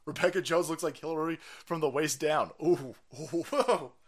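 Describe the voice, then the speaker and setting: A man's voice: on the high side, normal speed, husky. A man hosting a livestream, ranting in profane political commentary with a mocking, sarcastic manner and frequent laughter. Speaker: livestream host.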